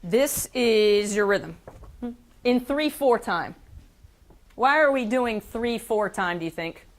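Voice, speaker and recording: A woman teaching a school band, giving brisk directions and counting off. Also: a little high, animated. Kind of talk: classroom instruction.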